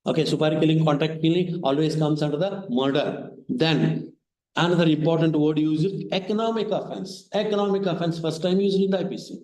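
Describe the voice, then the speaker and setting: A man's voice: a little high, fairly even intonation, a little fast, a little mellow. A man, a law professor giving a classroom lecture, repeating key terms and asking rhetorical questions. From India. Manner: repetitive, asks rhetorical questions. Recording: echoey lecture hall.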